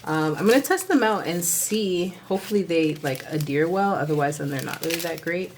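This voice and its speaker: A woman with a Southern US accent chatting casually through a haul video, full of fillers and sudden gasping excitement. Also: lowish voice, fairly quick, noisy background. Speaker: nail vlogger.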